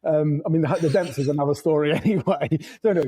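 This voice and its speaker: An English motorcycle traveler, guesting on a podcast, tells road stories in a loose, rambling way, laughing and swearing throughout. His fairly high voice is warm with a breathy edge, and he talks fast, though the audio quality is poor.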